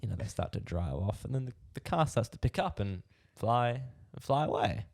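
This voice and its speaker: Low-voiced Australian guy telling a story. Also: a little fast, gravelly. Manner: rambling, filler-heavy, animated retelling. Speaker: podcast co-host. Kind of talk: casual chat, storytelling.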